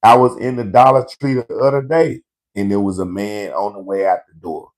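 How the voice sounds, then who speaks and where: A man's voice: lowish voice, steady tone, moderate pace. A man hosting a live comedy show, ranting in a brash, profane storytelling way to online viewers.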